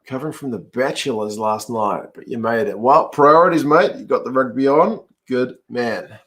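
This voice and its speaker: A man's voice: mid-range voice, moderate pace, fairly bright tone. A man hosting a live rugby watch-along, chatting casually, reacting to the play and answering viewer comments. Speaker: host.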